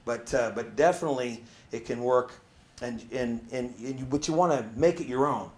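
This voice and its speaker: A man's voice: mid-range voice, moderate pace, reverberant. A man giving a casual motivational talk, telling stories and acting out the voices of the people in them, with frequent "right?" asides. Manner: animated storyteller, acts out quoted voices, many "right?" asides. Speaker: motivational speaker.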